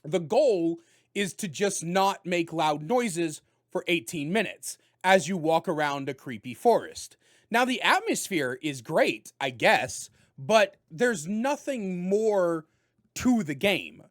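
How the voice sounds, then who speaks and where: A man giving a casual spoken video game review, talking loudly with jokes and animated delivery. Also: high-pitched, takes it slowly. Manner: loud, animated and joking.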